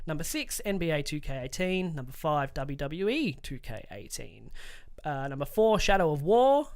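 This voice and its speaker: A man's voice: a little high, big pitch swings, normal speed, clean tone. A man in his thirties co-hosting a casual gaming podcast, swearing freely as he runs through the news. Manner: swears freely, reads news lists aloud. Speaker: podcast co-host.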